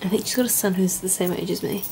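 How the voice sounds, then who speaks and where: A woman's voice: lowish voice, quick pace, vocal fry, darkish tone, slight background noise. A young adult woman working as an au pair, talking in a rambling, chatty and heartfelt way in a casual vlog from indoors at home. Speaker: au pair vlogger.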